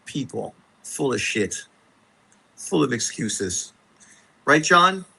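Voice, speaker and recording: A man's voice: mid-range voice, big pitch swings, takes it slowly, gravelly, sharp tone, slightly rough, poor audio. A man hosting a boxing live stream, ranting casually with heavy profanity and exasperation. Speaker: boxing show host.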